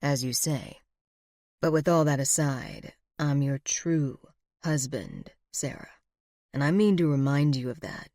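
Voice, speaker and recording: A woman voicing a manipulative, smooth-talking villainous man in low, soft, menacing tones. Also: animated, a little slow, no echo, clean studio sound. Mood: coaxing.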